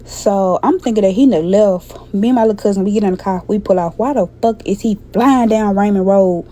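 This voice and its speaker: A woman's voice: medium pitch, a little fast, warm tone. A young adult woman telling a personal story in a blunt, profane, candid way. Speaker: storytime vlogger. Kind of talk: casual storytelling.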